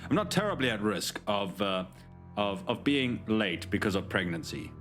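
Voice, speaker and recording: A man's voice: on the low side, animated, moderate pace, fairly bright tone, soft background music. A man live-streaming, chatting casually and jokingly with his chat, with many restarts.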